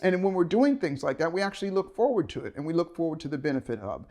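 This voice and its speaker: Earnest guy doing a pep talk to camera, kinda high voice, stumbles and repeats himself. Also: big pitch swings, quick pace, mellow. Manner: earnest, repeats and restarts phrases. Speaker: motivational speaker.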